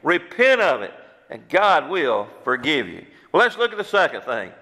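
A male preacher delivers a fervent sermon, pressing the same rhetorical questions again and again. His voice sits high and bright, ringing through a church sanctuary with a long, hanging reverb. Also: big pitch swings, moderate pace.

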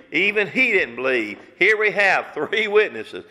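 A pastor preaches with a bright, forceful man's voice, sitting a little high in pitch. He piles up rhetorical questions and repeats his phrases, slowing down to press key words. A long church-hall echo trails after him. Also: big pitch swings. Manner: repetitive preaching, rhetorical questions, slows for emphasis. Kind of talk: sermon.

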